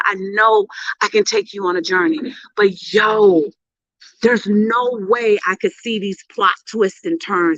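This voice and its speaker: A middle-aged woman and PR coach telling a story to camera in a casual, animated way, with emphatic bursts and hushed asides. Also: medium pitch, dry recording. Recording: dull lo-fi, dry sound.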